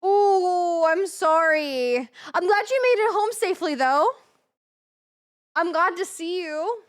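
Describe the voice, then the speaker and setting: Young woman streamer, very high voice, rambling, excitable and swearing casually. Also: takes it slowly. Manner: rambling, excitable, swears freely, repeats herself. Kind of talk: casual live-stream chat.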